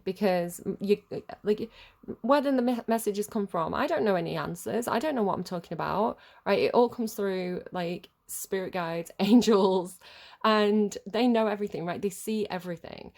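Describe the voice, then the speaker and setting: A woman with a medium-pitched, creaky, darkish voice gives a casual tarot reading straight to camera. Her monologue rambles and stays chatty, and she swears freely along the way.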